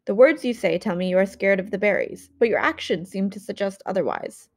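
A woman's voice: mid-range voice, brisk, no echo, studio quality, lightly acted. A woman voicing an ancient, towering yew-tree monster that speaks in a stern, formal, commanding way while reading an audiobook. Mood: puzzled, haughty.

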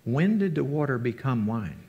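A man preaching a relaxed, conversational sermon at an even middle pitch. He keeps it chatty, with fillers and restarts, and leaps up in pitch whenever he acts out a quote. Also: moderate pace, breathy edge, dull audio. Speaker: teacher of a fellowship. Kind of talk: casual sermon.

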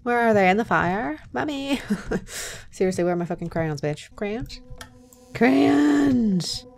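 A young woman hosting a horror game let's play, joking and swearing, swinging between loud outbursts and whispers. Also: fairly high pitch, lively intonation, slow pace, slight background noise. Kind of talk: gameplay commentary.

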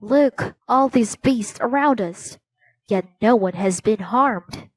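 Young storybook princess, kind and steady, slightly high, voiced by a woman. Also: slow pace, no room sound. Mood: firm.

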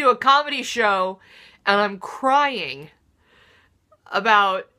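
A woman hosting her own comedy show, delivering a self-deprecating monologue that swings between loud mock-dramatic outbursts and muttered asides. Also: medium pitch, animated, takes it slowly, long pauses.

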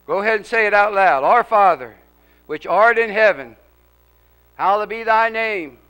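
High-voiced fervent male preacher. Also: moderate pace, fairly bright tone, clean tone, rough recording. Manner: fervent, rhythmic, repetitive calls. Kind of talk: leading a congregation in prayer. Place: auditorium.

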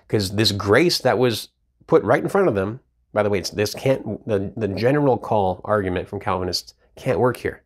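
Guy with a lowish voice teaching bible verses, emphatic, keeps repeating himself. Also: a little mellow. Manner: emphatic, repeats words while reading scripture.

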